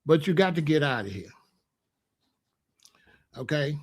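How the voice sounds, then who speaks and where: Man, casual rambling monologue, joking, raised pitch. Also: very animated, unhurried. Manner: loose, joking and rambling, laughs at own jokes. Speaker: host.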